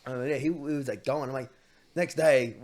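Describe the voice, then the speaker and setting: A young man, hosting a podcast and telling a story in a casual way, swearing freely and acting out shouted quotes. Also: mid-range voice, fairly even intonation, normal speed. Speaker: podcast host.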